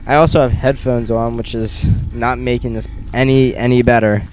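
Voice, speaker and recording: A young man giving nervous let's play commentary on a horror game, muttering to himself and bursting into panicked yelps, recorded on a gaming headset in a dark room. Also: mid-range voice, level tone, moderate pace, a little hiss or hum. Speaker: gamer.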